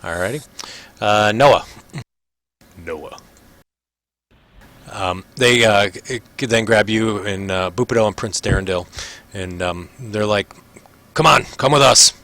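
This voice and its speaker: A man with a low, bright voice runs a tabletop game, narrating loosely and filling gaps with ums and uhs. The recording is dry and close. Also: dry recording. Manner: easygoing, many fillers, quick voices for figures. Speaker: game master.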